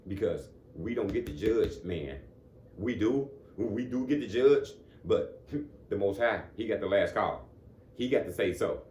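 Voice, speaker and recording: In an echoey room with slight background noise, a man gives a casual motivational talk in a lowish, darkish voice, animated but a little slow. He keeps it conversational, repeatedly asks "you know what I'm saying," and chuckles between points.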